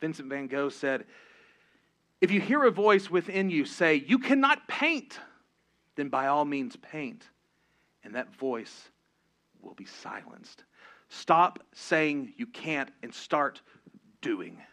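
Bright-voiced impassioned preacher man. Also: a little high, lively intonation, slow pace, pauses often. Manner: impassioned, swings from loud exhortation to hushed confession. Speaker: pastor. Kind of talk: sermon.

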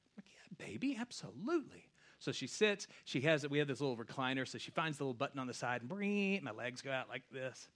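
This thirty-something pastor keeps his sermon casual and conversational, swinging from hushed reflection to booming stories. He talks fast at a medium pitch.

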